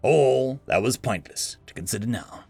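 A man's voice: medium pitch, expressive, moderate pace, gravelly, darkish tone, slightly rough, no echo, soft background music. A man narrating a sci-fi story in a dry, wry storytelling manner.

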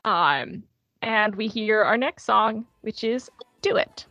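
A woman's voice: medium pitch, lively intonation, slow pace, bright, forceful tone, dry recording, muffled recording. A woman co-hosting a casual podcast discussion, chatting loosely and peppering her speech with "like". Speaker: podcast co-host.

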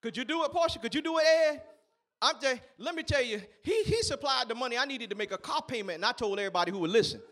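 A man preaching a sermon in church, animated, breaking into shouts and laughter. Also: very high-pitched, fast talker. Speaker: pastor.

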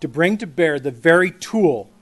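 A man's voice: on the high side, expressive, moderate pace, fairly bright tone. A man reading prepared testimony at a podium in a formal, earnest way. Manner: formal, earnest, speech-like delivery. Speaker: public witness at a legislative hearing.

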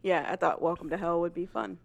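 A woman's voice: lowish voice, fairly even intonation, a little fast, creaky, dry recording. Bubbly woman in her late twenties, podcast co-host, casual chatty read, dry sound. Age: late 20s. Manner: bubbly, laughs often. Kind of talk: casual chat.

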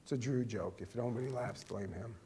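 A male pastor delivering a sermon, direct and conversational, swinging between loud emphatic reading and quiet, intimate asides. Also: medium pitch, fairly quick, over a noisy crowd.

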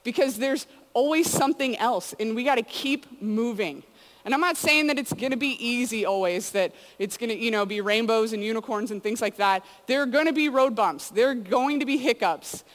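A woman's voice: on the high side, normal speed. A woman giving a casual sermon to students, telling stories in a chatty way full of "like" and "you know". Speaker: youth speaker. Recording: long hall reverb.

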